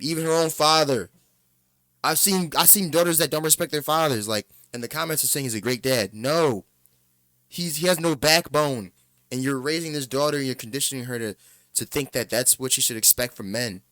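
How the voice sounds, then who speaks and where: A man's voice: medium pitch, a little fast, fairly bright tone, dry recording, studio quality. A man giving casual reaction commentary, blunt, opinionated and profane.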